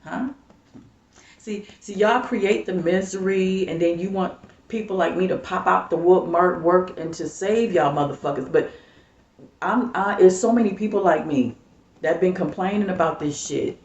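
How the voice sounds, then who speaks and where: A woman's voice: on the low side, normal speed, a little mellow. Angry woman ranting on her channel, cussing a lot, kinda far from the mic, dull muffled sound. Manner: heated, repetitive, swearing, preachy. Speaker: YouTube vlogger. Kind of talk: angry profane rant to camera. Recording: roomy, distant, dull lo-fi sound.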